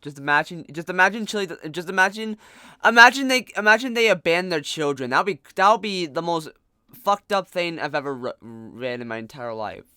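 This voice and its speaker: Bright, lively young man. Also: a little high, a little fast, clean tone, dry recording, clean studio sound. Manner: stammering, excitable, swears. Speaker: co-host. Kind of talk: casual reaction chat.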